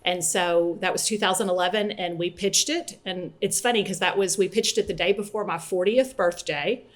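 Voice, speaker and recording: A woman's voice: lowish voice, normal speed. Candid woman in her fifties telling stories. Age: 50s. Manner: candid storytelling with frequent fillers. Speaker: guest author. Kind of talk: casual interview chat.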